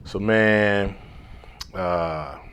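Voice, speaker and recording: A man, a life coach, telling a personal story in a laid-back, slangy way, now and then dropping to a hushed whisper. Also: low voice, drawn-out words, clear, resonant tone. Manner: drops to a hushed whisper when replaying his inner thoughts.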